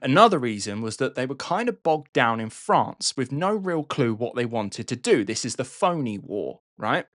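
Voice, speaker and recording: A man's voice: medium pitch, sing-song, normal speed, few pauses, fairly bright tone, no room sound, clean studio sound. A man hosting a podcast, telling a war history story in a casual, chatty way, swearing and tagging lines with "right?". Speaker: podcast host.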